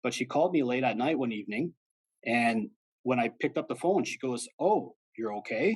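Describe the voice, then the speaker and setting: A former police officer gives a relaxed, conversational talk on fraud prevention. His voice is husky and sits at an ordinary male pitch. He slips into the callers' voices when he tells stories. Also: fairly quick, rough recording. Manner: conversational and plain-spoken, acts out quoted callers. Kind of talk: informal educational presentation.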